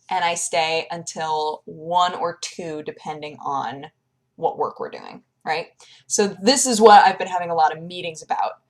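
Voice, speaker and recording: A young vlogger chats casually, lively and animated, slipping into a higher voice to act out the people she quotes.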